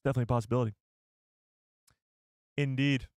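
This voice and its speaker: A man hosts a live stream in a loose, rambling way, thinking aloud as he answers chat and looks things up. His voice sits at an ordinary middle pitch. The sound is dry, with no room echo. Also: steady tone, fast, a little mellow. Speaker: livestream host.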